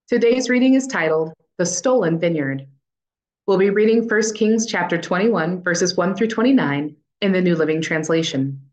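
A woman reads scripture in a clear, measured way for a daily Bible plan. Her voice sits a little low for a woman. The reading is scripted and steady. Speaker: scripture reader and podcast cohost.

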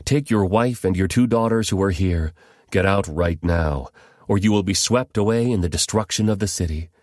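A man voices commanding angels giving urgent warnings in a scripture reading. The voice is low and firm. The sound is close and dry. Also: moderate pace, darkish tone, no echo, lightly acted.

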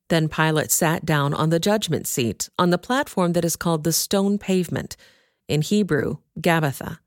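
A woman reading a scripture passage aloud in a steady, measured way. Her voice sits fairly low, and the recording is dry and close with no room sound. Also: no echo. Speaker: scripture reader. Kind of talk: scripted narration.

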